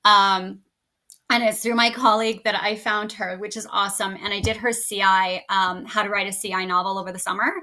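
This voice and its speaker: A bright, clear-toned woman, chatting as a podcast guest. She sits at a middling pitch for a woman and talks in an effusive, rambling way, often circling back and restarting her thoughts. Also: little pitch movement, brisk, poor audio. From Canada. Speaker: guest teacher. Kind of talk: casual podcast chat.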